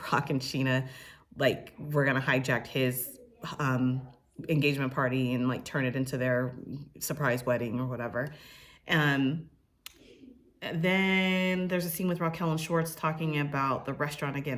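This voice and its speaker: A young woman recapping a reality TV episode in a casual, opinionated way, full of fillers, sometimes mimicking the cast. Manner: chatty and opinionated, with frequent fillers; mimics cast members' lines in a higher voice. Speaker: recap host.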